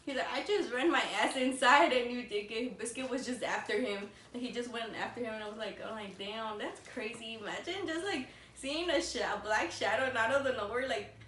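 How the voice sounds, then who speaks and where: A young woman with a fairly high voice telling a spooky tale in a loose, rambling way, with plenty of "like" fillers and mid-sentence language switches. She sits a little away from the mic in an echoey room with a faint hiss. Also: brisk, hardly any pauses, a bit bright, far from the mic. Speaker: vlogger co-host. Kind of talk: casual storytelling over a meal.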